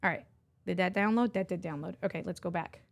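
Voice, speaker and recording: A woman's voice: on the low side, fast talker, gravelly, no echo. A middle-aged woman hosting a casual livestream, chatting and laughing with her viewers as she goes. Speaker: livestream host and online entrepreneur.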